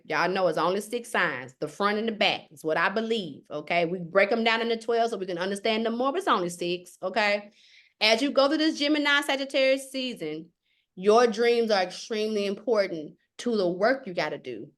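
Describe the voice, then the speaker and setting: A woman teaching a live online astrology class in an animated, conversational way, often checking in with her listeners. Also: mid-range voice.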